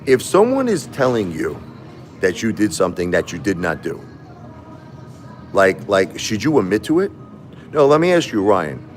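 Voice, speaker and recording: A man's voice: fairly low pitch, wildly swooping pitch, moderate pace, pauses often, faint music behind. A man hosting a live stream in a casual monologue, aggrieved and repetitive, putting rhetorical questions to his viewers.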